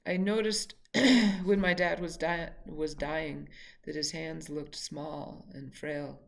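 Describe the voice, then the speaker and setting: A woman reading her own memoir aloud in a reflective, halting way, sometimes correcting herself mid-sentence. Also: low-pitched, fairly even intonation, creaky.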